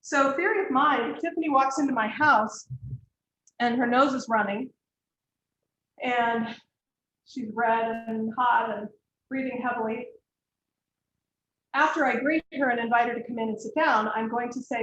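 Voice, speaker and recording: A middle-aged woman lecturing students on counseling, explaining clearly and directly with worked examples. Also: fairly high pitch, normal speed, pauses often, fairly bright tone, lo-fi sound. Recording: echoey room, faint background hiss.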